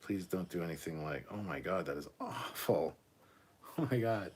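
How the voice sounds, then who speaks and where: A man in his thirties from Canada hosts a relaxed live hangout and reads viewer messages aloud. His voice sits low and a little husky. He reacts off the cuff, laughing and swearing as he goes. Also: moderate pace. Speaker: livestream host reading chat. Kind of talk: casual live chat.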